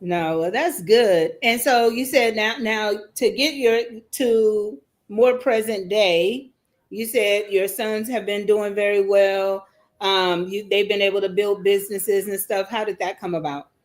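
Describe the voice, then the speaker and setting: Woman podcast host, chill convo, kinda halting when she asks stuff, mid voice. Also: medium pitch. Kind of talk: conversational interview.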